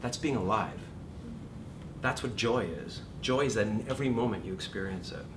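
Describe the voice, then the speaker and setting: A middle-aged acting teacher lectures his class in an animated, joking way, acting out the inner voices he describes. He sounds far from the mic in a roomy space. There's steady background noise behind him. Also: medium pitch, fast talker. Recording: echoey room, far from the mic, noisy.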